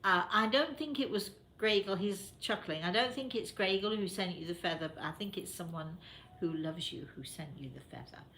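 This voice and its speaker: A woman's voice: medium pitch, a little fast, fairly bright tone, slight background noise. A woman from England with a British accent, hosting a talk show in a chatty way, addressing listeners directly with many fillers. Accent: British English. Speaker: host. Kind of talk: casual radio show talk.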